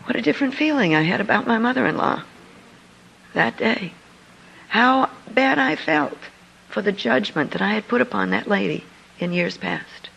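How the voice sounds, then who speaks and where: A middle-aged woman, an author and speaker, telling a personal story to an audience in an earnest, confiding way with lively emphasis. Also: medium pitch, moderate pace, gravelly, muffled recording, a little hiss or hum. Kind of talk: storytelling speech.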